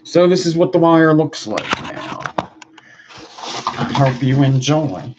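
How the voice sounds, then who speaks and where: A man's voice: on the high side, lively intonation, takes it slowly. A man streaming live while he builds coils, talking in a loose, profane way with his viewers. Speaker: livestreamer building vape coils. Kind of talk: casual livestream chat. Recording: dull lo-fi stream audio with faint noise.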